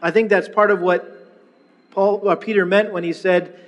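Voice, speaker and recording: A middle-aged man preaching a sermon, telling a personal story with lively retellings and frequent restarts. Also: high-pitched, moderate pace, long reverb tail. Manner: storytelling, animated, with many restarts. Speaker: pastor.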